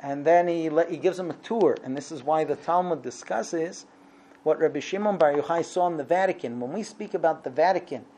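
A man in his thirties telling a religious story in a casual, lively way, acting out the voices of the people in it. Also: a little high, brisk. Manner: lively, acts out quoted voices. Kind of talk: storytelling talk.

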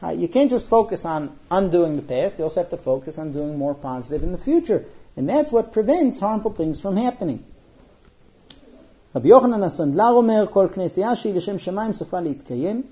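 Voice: mid-range voice, big pitch swings, brisk, mellow, breathy edge, dull audio. A Torah teacher giving a Mishnah lesson, quoting Hebrew lines, then translating and explaining them through everyday stories. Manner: conversational, with fillers and personal stories.

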